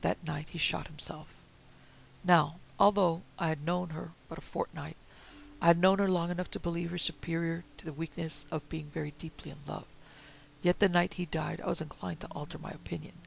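A man reads a period story aloud in a measured storytelling manner. His voice is heavily gravelly and sits somewhat high for a man. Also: level tone, rough recording. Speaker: audiobook narrator. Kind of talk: reading a Victorian story aloud.

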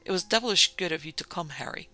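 A man voicing an ailing, frightened country gentleman who speaks low, hoarse and tense. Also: lively intonation, fast, faint music behind. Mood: tense, fearful.

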